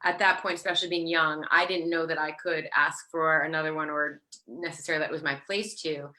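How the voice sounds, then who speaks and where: A woman's voice: sits low, flat delivery, fairly quick, sharp tone. A woman in her thirties chatting as an interview guest, rambling with many fillers and restarts. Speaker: guest actor. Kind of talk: casual interview chat.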